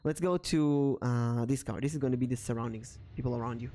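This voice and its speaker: A man hosting a stream, telling a rambling story and then reading tarot cards in a casual, slightly halting manner, with frequent fillers. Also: mid-range voice, slight background noise. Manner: rambling, animated when acting out dialogue. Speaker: tarot reader and streamer host. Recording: soft background music under the voice.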